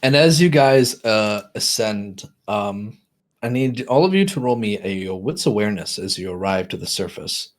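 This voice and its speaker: A man narrating as game master of a tabletop horror game, halting with fillers and restarts. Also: fairly low pitch, animated.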